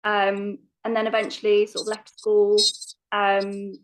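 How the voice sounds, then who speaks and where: A young woman from London with a London English accent, chatting casually as an actress guest in an interview, self-deprecating and quick to laugh. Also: mid-range voice, completely flat delivery, slight background noise, poor audio. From London, England.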